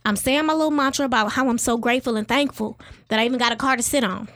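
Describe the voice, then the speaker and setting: A woman hosting a casual chat, telling a story in an animated, emphatic way, swearing casually and speaking in upbeat affirmations. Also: on the high side, fast. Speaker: podcast host.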